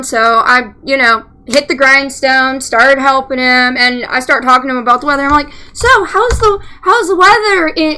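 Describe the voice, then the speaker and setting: A woman's voice: high voice, sharp tone, a little hiss or hum. A woman telling a story in a profane, chatty way while playing a game. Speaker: let's play gamer. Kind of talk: casual storytelling while gaming.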